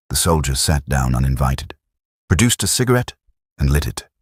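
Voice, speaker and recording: A man narrating a scripted war story in a steady storytelling manner. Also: extremely low pitch, moderate pace, slightly rough, no echo, studio quality.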